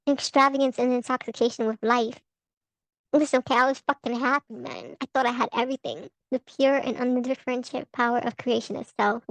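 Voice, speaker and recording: High-voiced woman ranting in a vlog. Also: no room sound, poor audio. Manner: profane, heated, laughing between rants. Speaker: tarot vlogger.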